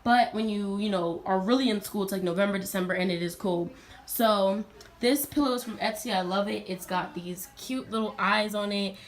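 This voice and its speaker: A woman's voice: mid-range voice, normal speed. A young woman in college giving an upbeat, chatty tour of her dorm room and speaking straight to her viewers. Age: young adult. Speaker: college student vlogger. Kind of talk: casual dorm tour vlog.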